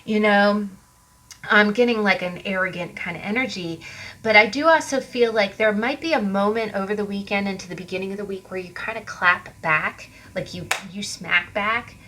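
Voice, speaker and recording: Animated, sassy tarot-reading woman. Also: medium pitch, normal speed, rough recording. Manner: animated, sassy, laughing often, profane. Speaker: tarot card reader. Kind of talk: casual card reading to viewers. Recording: background hiss from mic fault.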